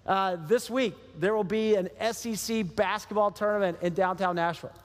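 A man's voice: sits high, fairly even intonation, normal speed, big-room sound. A man preaching a sermon as a pastor, telling a story animatedly and acting out the voices of the people in it.

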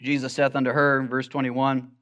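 A man's voice: medium pitch, completely flat delivery, fairly quick, a bit bright. A man preaching a sermon as pastor, quoting scripture in old-fashioned wording.

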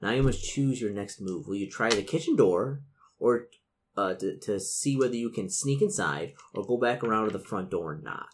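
A man's voice: fairly low pitch, animated, moderate pace, slight background noise. A man acting as game master, reading a gamebook's narration to his players with dry asides.

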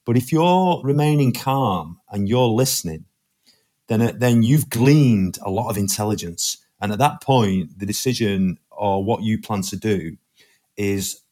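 A man co-hosting a podcast, explaining his points calmly and in a measured way. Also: lowish voice. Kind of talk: casual conversation.

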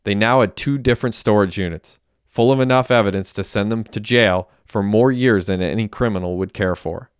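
A man narrating a crime audiobook in a steady, plain storytelling manner. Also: on the low side, fairly quick, clean tone, no echo, clean studio sound.

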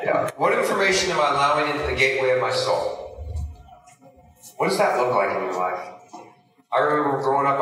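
A man's voice: medium pitch, sharp tone. A middle-aged man preaching a sermon with energy, talking conversationally and asking his listeners rhetorical questions. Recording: echoey hall, heard from a distance.

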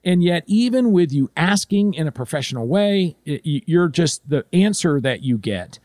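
Animated man giving career advice. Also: a little high, moderate pace, no echo, studio quality. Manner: animated, addresses listener directly with frequent restarts. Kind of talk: direct-to-camera advice talk.

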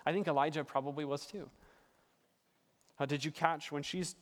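A man preaching a sermon as pastor, earnest, building points through repetition and dropping to quiet emphasis. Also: fairly high pitch, steady tone, normal speed, in a large hall.

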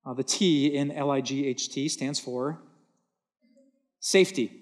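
A man's voice: mid-range voice, level tone, normal speed. A man preaching a sermon from a church stage, earnest and emphatic, repeating words for stress. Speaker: pastor.

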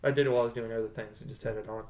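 Man, mid-pitch, casual rambly co-host, roomy echo on the track. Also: steady tone, rapid-fire, darkish tone. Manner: rambling, self-correcting. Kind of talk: casual chat.

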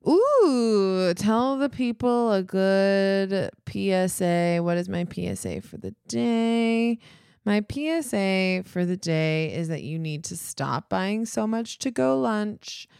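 An American woman co-hosting a casual podcast, bantering playfully with crude jokes and quick laughs. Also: medium pitch, sing-song, gravelly, darkish tone, clear, resonant tone, no room sound, clean studio sound. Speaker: podcast co-host.

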